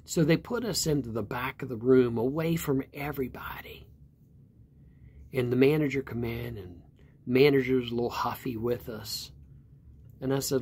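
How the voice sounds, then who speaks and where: Pastor guy, husky voice, earnest and plainspoken, repeats himself for emphasis. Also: medium pitch, normal speed, darkish tone. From West Virginia. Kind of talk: storytelling sermon.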